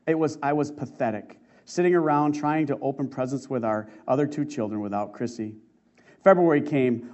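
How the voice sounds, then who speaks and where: A man preaching a sermon, reading a testimony aloud in an earnest, emotive way with slow dramatic stresses. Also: on the high side, darkish tone. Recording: muffled lo-fi recording.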